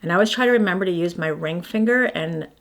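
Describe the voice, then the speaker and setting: A beauty vlogger in her fifties talks fast in a lowish voice, chatting casually through her morning skincare routine. She rambles and pokes fun at herself while showing each product.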